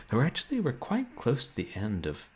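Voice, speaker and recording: A man streaming a game and chatting with viewers in a laid-back, wry way, with a soft, somnolent voice and frequent chuckles. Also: medium pitch, slight background noise. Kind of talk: casual chat with stream viewers. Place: home room, roommates nearby.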